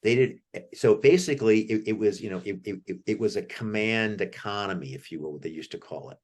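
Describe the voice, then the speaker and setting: A man's voice: on the low side, a little fast, darkish tone. An American man as the author guest in an interview, telling rambling anecdotes with many restarts. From United States. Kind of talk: conversational interview.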